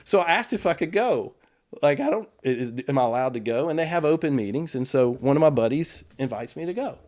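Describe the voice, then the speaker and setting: A man's voice: fairly high pitch, animated, fairly quick. Earnest man telling a reflective story. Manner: earnest, reflective, with frequent restarts and quiet asides. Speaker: podcast guest. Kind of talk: storytelling in casual conversation.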